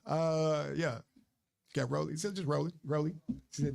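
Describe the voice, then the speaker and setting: Gravelly-voiced man bantering on a stream. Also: on the high side, normal speed, a little mellow. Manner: storytelling, banter, reads chat names. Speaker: podcast co-host. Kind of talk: casual livestream chat.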